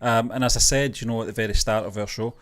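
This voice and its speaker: A man's voice: lowish voice, steady tone, fairly bright tone. Agreeable male podcast co-host. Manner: agreeable, measured, says yeah often. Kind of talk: casual review chat.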